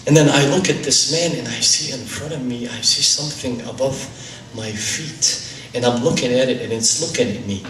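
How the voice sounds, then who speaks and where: A lecturer delivers a dramatic storytelling sermon, narrating in the first person and reciting Arabic supplications with mounting intensity. His voice is mid-range and fairly bright, at a moderate pace. It's recorded in a roomy hall with a distant mic and faint ambience.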